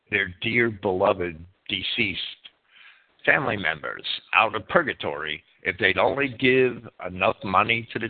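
A man reading a church-history presentation like a sermon, stumbling and repeating words as he reads a script. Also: fairly low pitch. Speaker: preacher. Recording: tinny phone-like sound.

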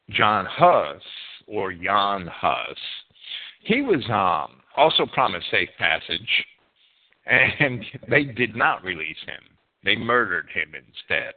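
A man narrating a history lesson as presenter of a series, reading with swooping emphasis and occasional self-corrections. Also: on the low side. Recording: tinny phone-like band.

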